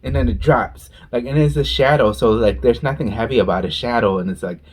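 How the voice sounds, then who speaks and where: A man's voice: medium pitch, brisk, a little mellow, a little hiss or hum. A man chatting casually while eating on camera and telling a story, with gushing exclamations and eating sounds. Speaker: mukbang vlogger.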